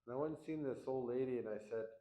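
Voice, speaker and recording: A man's voice: mid-range voice, fast talker, mellow, low-quality recording. A middle-aged man from Canada, plain-spoken and candid, telling a personal story to an audience. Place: event hall.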